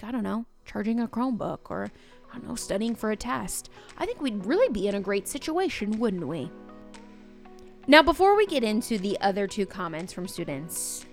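A woman teacher hosting a podcast, telling classroom stories in a casual, animated way and acting out her students' voices. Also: medium pitch, gravelly. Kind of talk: casual storytelling monologue.

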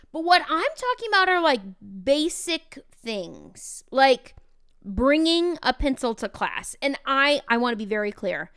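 A woman teacher hosting her own podcast, talking in a casual, loud and energetic way, candid and animated. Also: sits high, clean tone. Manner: animated and candid, acts out quoted exchanges. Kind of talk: casual solo podcast talk.

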